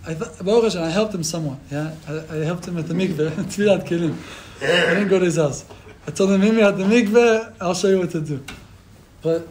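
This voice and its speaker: A man's voice: sits high, fairly quick, a little mellow, a little hiss or hum, rough recording. A man, a rabbi, telling stories in a sermon, acting out the quotes with feeling and mixing in Hebrew terms. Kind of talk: storytelling sermon.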